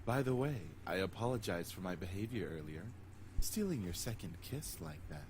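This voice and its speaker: A man's voice: low voice, very animated, moderate pace, background noise. A man playing a flirtatious incubus charmer. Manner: smooth, teasing, flirtatious.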